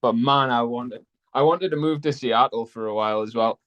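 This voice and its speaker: A man chats casually, rambling through his stories with plenty of fillers. His voice sits at an ordinary middle pitch. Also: normal speed, fairly bright tone, highs cut off. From North East England. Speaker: participant in an online group chat. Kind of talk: casual chat.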